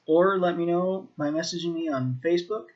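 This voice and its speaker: A fairly high-voiced American man leads a video language lesson, relaxed and patient, saying each new word several times slowly. The recording sounds dull and lo-fi, as if from a home desk setup. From United States. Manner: relaxed, repeats words slowly for learners. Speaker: language teacher.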